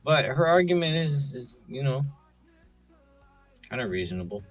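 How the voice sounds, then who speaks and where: Relaxed male co-host, reflective casual chat, dry close sound, faint music under. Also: medium pitch, moderate pace, no room sound. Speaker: podcast co-host.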